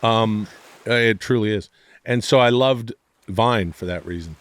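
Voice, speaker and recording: A man's voice: lowish voice, a little slow. A man who is a comedian guest, telling stories in a rambling, profane, self-deprecating way on a podcast. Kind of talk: casual podcast storytelling.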